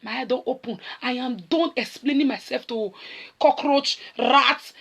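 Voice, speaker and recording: A woman's voice: high voice, a little slow, gravelly, fairly bright tone, breathy edge. A middle-aged woman with a Nigerian accent, preaching a sermon and switching between Pidgin and English as she acts out scripture.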